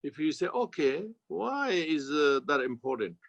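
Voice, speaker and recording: A man with a Tibetan accent, a Buddhist teacher giving a slow, halting dharma commentary in non-native English. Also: on the high side, very animated, no echo. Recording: dull, lo-fi sound.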